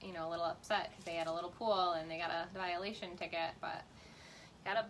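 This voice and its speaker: A woman in her thirties co-hosting a live Q&A, upbeat and quick to chime in. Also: lowish voice, fairly even intonation, a bit bright, poor audio. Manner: upbeat, chiming in with quick agreement. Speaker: co-host. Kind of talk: casual live Q&A chat. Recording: faint background noise.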